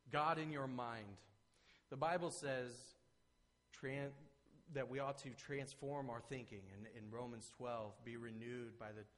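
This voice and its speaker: A man preaching a sermon as pastor, earnest and conversational, rising to emphatic peaks and then dropping soft. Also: medium pitch, steady tone, measured pace. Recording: long reverb of a church hall.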